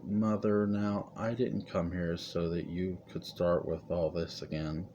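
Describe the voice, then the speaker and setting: A man's voice: low-pitched, flat delivery, a little slow, dark tone, slight background noise. A man reading the lines of a grown daughter who soothes and coaxes her mother. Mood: weary. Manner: soothing, coaxing. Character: grown daughter, gentle and coaxing woman.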